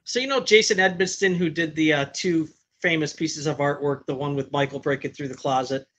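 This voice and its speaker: A man's voice: fairly high pitch, a little fast, a bit bright. A man co-hosting a live movie watch-along, chatting casually and sharing trivia and jokes. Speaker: co-host. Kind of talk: casual chat.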